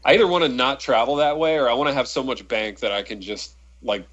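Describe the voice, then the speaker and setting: A man's voice: medium pitch, quick pace, fairly bright tone, lo-fi sound. Laid-back man telling a rambling story. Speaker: podcast co-host. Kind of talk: casual chat, storytelling.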